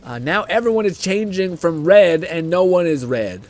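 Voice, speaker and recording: A man's voice: high-pitched, expressive, moderate pace, darkish tone. A young man streaming live, chatting casually, reading chat aloud, laughing often and swearing freely.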